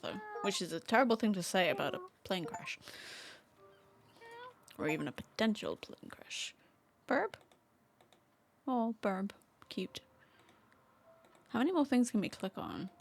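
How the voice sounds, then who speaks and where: A woman's voice: fairly low pitch, sing-song, normal speed, vocal fry. A woman streaming a casual game from home, chatting playfully and talking to the cats on screen. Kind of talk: casual gameplay commentary.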